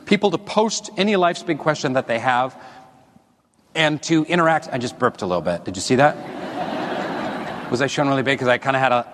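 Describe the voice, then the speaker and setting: A man's voice: medium pitch, fairly bright tone, slight background noise. A man giving a stage talk to an audience, rambling and self-deprecating, joking with the crowd, on a body mic. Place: stage in a large hall. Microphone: wearing a body mic. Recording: long reverb of a large hall.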